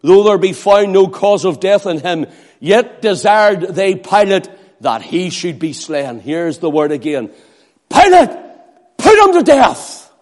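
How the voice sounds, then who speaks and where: A man's voice: high-pitched, unhurried, a little mellow. A man preaching a sermon, who acts out crowd cries and pleas in a raised voice.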